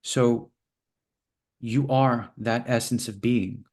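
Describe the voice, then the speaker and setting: A man, interview guest, telling parables in a relaxed conversation and acting out little voices for the characters. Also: mid-range voice, slow, breathy edge. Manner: playful, acts out little voices in his parables. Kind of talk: storytelling in conversation.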